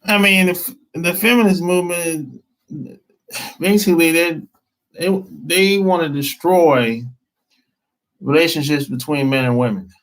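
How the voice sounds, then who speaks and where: A man's voice: on the high side, measured pace, long pauses, a bit bright, poor audio. A man hosting a casual live stream as a dating coach, talking bluntly in slang and repeating himself.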